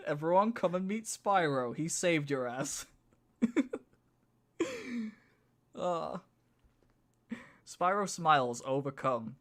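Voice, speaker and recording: A man's voice: fairly high pitch, expressive, takes it slowly, long pauses, fairly bright tone. A man from northern England with a northern accent, casually reading a script aloud on a stream and laughing as he comments on it. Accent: Northern English. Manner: giggly, reads lines then riffs on them.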